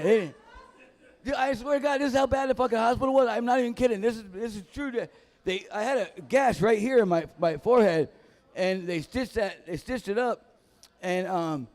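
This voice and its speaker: High-voiced rambling stand-up comedian. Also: male voice, a little mellow. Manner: rambling, loses his train of thought; profane, casual storytelling. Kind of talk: live stand-up set. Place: dive bar comedy room.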